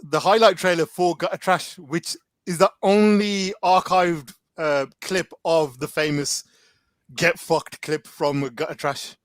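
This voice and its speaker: A man's voice: a little high, fairly even intonation, unhurried, dry recording. A man, a guest in a casual chat, telling stories animatedly with lots of slang and filler words. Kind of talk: casual storytelling.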